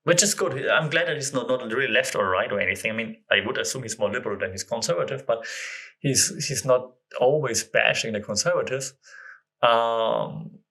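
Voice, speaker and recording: Podcast host: a man with a bright, forceful voice at a middle pitch, talking casually and rambling as he thinks aloud. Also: animated, moderate pace. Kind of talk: casual solo podcast chat.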